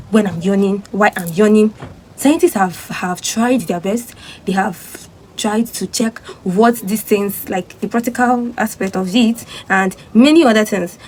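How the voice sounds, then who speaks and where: A young woman with a slightly high voice talks through a science topic in a casual vlog. Her delivery is chatty and animated, breaking into playful acted-out voices as she explains. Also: husky, rough recording. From Nigeria. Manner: chatty and animated, acting out sleepy voices and sighs. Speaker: student host of a physiology channel.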